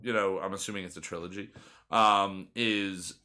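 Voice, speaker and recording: Bright-voiced young man rambling casually. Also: low voice, steady tone, moderate pace. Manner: rambling, many fillers and restarts. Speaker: podcast host. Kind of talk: casual chat.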